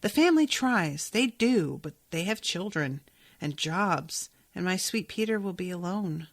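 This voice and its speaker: Soft dying old lady, tender and sorry, kinda low and slow, read out by a woman. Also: expressive, no echo, clean studio sound. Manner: soft, reading aloud from a novel. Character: gentle dying older woman, tender and apologetic. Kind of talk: reading a novel aloud.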